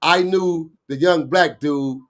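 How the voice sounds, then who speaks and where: A middle-aged man with a Los Angeles street accent, telling a story in an animated, slangy way and acting out the voices of the people in it. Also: fairly high pitch, slow. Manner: acts out quoted voices, slangy, laughing asides. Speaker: guest storyteller, bounty hunter.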